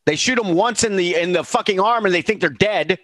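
A man co-hosting a casual movie podcast, retelling the plot in a relaxed way with casual swearing. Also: sits high, fairly quick, no room sound. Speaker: podcast co-host.

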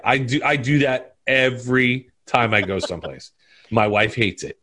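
A man in his forties chats casually as a podcast guest, rambling through stories and tossing out movie quotes between laughs. His medium-pitched voice is bright and forceful at a moderate pace.

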